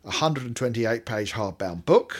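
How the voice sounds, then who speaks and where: British guy in his 50s, podcast host, rambly and self-mocking, average pitch. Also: expressive, moderate pace. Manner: rambling, self-mocking, reads aloud with asides. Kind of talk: casual chat.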